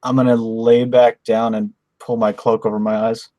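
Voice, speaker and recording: A man's voice: mid-range voice, flat delivery, normal speed, dark tone. A man playing a tabletop game, describing his character's moves in short, dry sentences. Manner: terse, dry first-person moves. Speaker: player.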